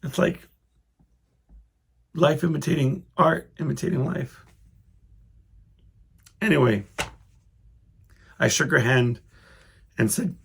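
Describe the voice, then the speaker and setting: A man's voice: on the high side, takes it slowly, vocal fry, pauses often, a bit bright, slightly rough. A man hosting his own podcast, telling a rambling story in a casual, self-interrupting way and chuckling as he goes. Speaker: podcast host.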